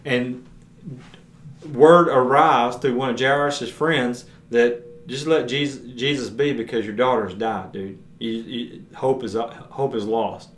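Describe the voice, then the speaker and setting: A man's voice: mid-range voice, slow, fairly bright tone. A man teaching a Bible passage on his podcast. He retells scripture earnestly in plain everyday words. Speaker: podcast preacher. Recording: roomy echo.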